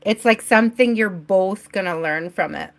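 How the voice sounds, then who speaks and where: A woman doing a live-stream tarot reading, chatty and affectionate with her viewers and giving gentle spiritual advice. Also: mid-range voice, normal speed, poor audio. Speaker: tarot reader.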